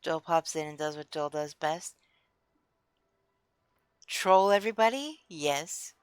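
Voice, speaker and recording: A young woman streaming a game, chatting casually with her viewers in an expressive, excitable way on a close desk mic. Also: on the low side, takes it slowly, pauses often, no echo. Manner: expressive, chatty, gets excited and laughs a lot. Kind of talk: casual live-stream chat.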